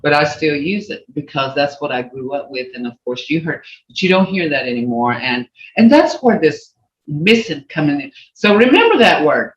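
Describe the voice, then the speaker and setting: An older woman teaching a language class over a video call, animated and acting out expressions with big swoops in her voice. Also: moderate pace. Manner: animated, acts out expressions with sweeping pitch. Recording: dull, roomy video call audio.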